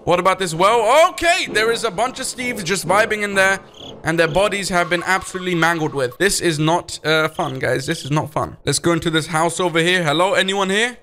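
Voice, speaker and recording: A young man hosting a gaming video, giving excitable, jumpy gameplay commentary and talking to his viewers. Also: sits high, fairly quick, slight background noise.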